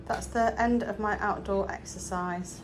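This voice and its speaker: In an unhurried, steady, mid-range voice, a woman vlogs about her day while walking outdoors with noise in the background. Her casual rambling is occasionally broken by breathlessness.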